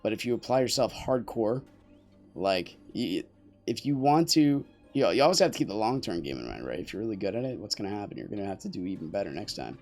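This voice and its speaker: A young man talks fast over faint music, his fairly low, slightly mellow voice swinging widely in pitch. He's streaming his play, rambling and joking with viewers and teammates in casual commentary.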